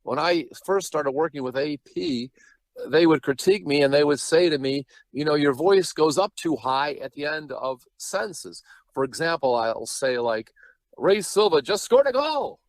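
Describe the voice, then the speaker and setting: A man's voice: fairly high pitch, moderate pace, no room sound, rough recording. Chatty man with a dry, close sound. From Chicago, Illinois. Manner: chatty storyteller, rambling with many asides. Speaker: sports broadcaster, guest. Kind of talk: casual interview chat.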